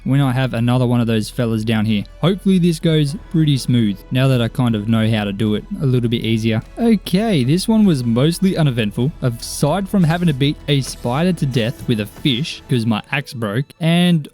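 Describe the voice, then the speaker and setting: Young man, let's play commentary, chatty, mellow warm voice, faint music behind. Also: mid-range voice, expressive, fairly quick, hardly any pauses. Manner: chatty, talks to game characters, mild self-mockery. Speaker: gaming YouTuber.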